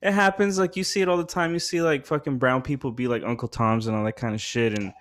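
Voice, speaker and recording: Man, podcast host, casual chat, rambling, slangy, animated. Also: medium pitch, fast. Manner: rambling storytelling, heavy slang and swearing; animated, voice rising when worked up.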